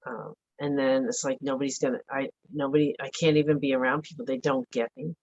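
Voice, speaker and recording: A middle-aged woman giving a halting, emotional personal account as an interview guest, with many fillers and restarts. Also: extremely low pitch, little pitch movement, a little mellow, highs cut off. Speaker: interview guest, bereaved mother.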